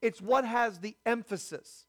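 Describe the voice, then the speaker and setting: A man's voice: very high voice, measured pace. A man preaching a sermon as pastor, teaching and asking the congregation rhetorical questions. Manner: prayerful and hushed when praying.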